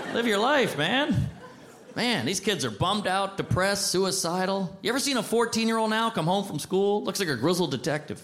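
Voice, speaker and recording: Lively thirties man doing stand-up. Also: high voice. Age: 30s. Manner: punchy, animated, acts out other people in quotes. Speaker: stand-up comedian. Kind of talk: stand-up comedy set. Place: comedy stage before an audience. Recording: noisy live stage recording.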